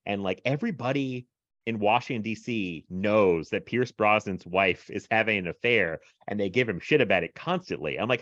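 A man's voice: lowish voice, lively intonation, normal speed, a bit bright, no echo, lo-fi sound. A man co-hosting a podcast in casual chat, rambling with lots of fillers and frequent laughs. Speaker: podcast co-host.

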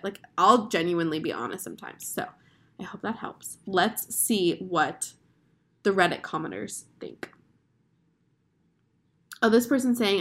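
A young woman in her twenties chats through advice in a relaxed, earnest way. Her talk is loose and full of fillers, and her pitch sits at an ordinary middle level for a woman. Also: a little slow, pauses often. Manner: chatty, filler-heavy, earnest. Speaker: advice podcast host. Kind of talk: casual advice chat.

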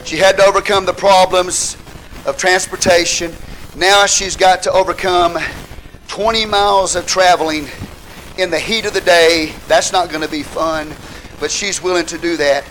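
A man preaching a sermon with fervor, rising at times to shouts and calling out hallelujah to the congregation. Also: high voice, steady tone, normal speed, slight background noise, low-quality recording. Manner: calls out hallelujah, asks the congregation questions.

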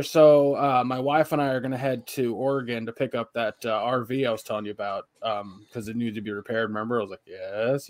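A man's voice: medium pitch, no echo, clean studio sound. Profane rambling young man telling stories. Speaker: podcast co-host. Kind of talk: casual chat.

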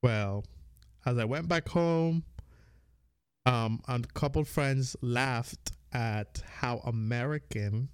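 A man from St. Croix with a Virgin Islands Creole English accent, chatting casually as a podcast co-host and talking in halting bursts with many restarts. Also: medium pitch, clean tone, no echo, studio quality.

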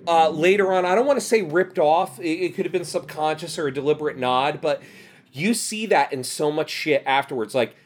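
A man in his thirties from New Jersey, telling stories in a casual podcast chat, animated and full of swearing. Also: a little high, a little fast, husky. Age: 30s. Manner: animated, profane storytelling.

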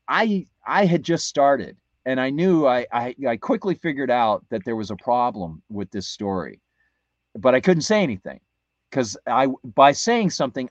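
A man's voice: mid-range voice, no room sound, dull audio. A man co-hosting a talk radio show, telling a rambling story with many restarts. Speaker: radio co-host. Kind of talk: casual anecdote on talk radio.

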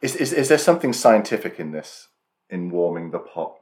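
A man with a very low voice co-hosts a podcast. He speaks with dry, teasing humor and keeps quizzing his partner in casual chat. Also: very animated, normal speed, a little mellow. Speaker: podcast co-host.

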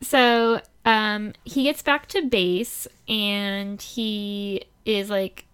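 A woman talks through a drama episode in a relaxed chat. Her voice is clear and smooth, and she laughs easily as she rattles off quoted lines from the characters. She's chatty and easygoing. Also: mid-range voice, very slow. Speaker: podcast co-host recapping a drama. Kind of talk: casual chat.

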